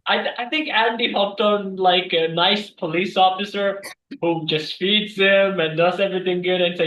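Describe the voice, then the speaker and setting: A man hosting an improv game, giving brisk instructions and chuckling asides over a video call. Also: high-pitched, steady tone, a bit bright, slight background noise. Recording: distant, dull, echoey mic.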